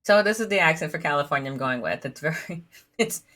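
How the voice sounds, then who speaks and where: Animated and low-pitched, a woman reads out a story game's dialogue on her stream a little fast, her tone fairly bright. She comes across as giggly and chatty, saying "like" again and again.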